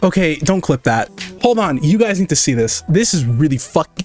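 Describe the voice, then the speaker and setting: On a live art stream, a young man chats casually, joking, cursing and poking fun at himself and his chat, often mimicking viewers in high squeaky voices. His delivery is sing-song at normal speed with a darkish tone, and faint music plays behind him.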